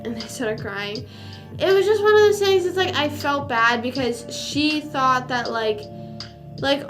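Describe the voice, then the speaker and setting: Chatty young woman rambling over music. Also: on the high side. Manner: rambling, full of fillers and swearing. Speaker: streamer. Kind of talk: casual livestream chat. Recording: music playing behind.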